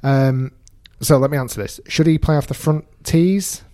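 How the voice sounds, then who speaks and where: A man's voice: fairly high pitch, moderate pace, warm tone. A man co-hosting a podcast in casual chat, thinking aloud and often restarting his sentences. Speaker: podcast co-host.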